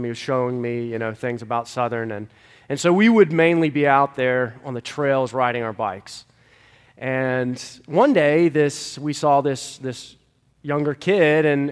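A man's voice: medium pitch, smooth, in a large hall. Congested, nasal-sounding young man preaching. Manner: earnest, pleading, with fillers and restarts. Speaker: pastor. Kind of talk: sermon. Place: church sanctuary.

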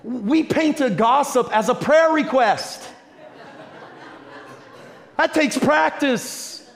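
High-voiced man preaching a lively sermon. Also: takes it slowly, gravelly. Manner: lively, humorous preaching with repeated phrases. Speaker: pastor.

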